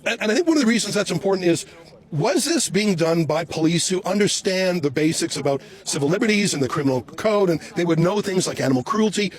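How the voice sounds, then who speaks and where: A man reporting outdoors on the street, loudly and sarcastically firing questions at police officers. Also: high voice, lively intonation, fast talker.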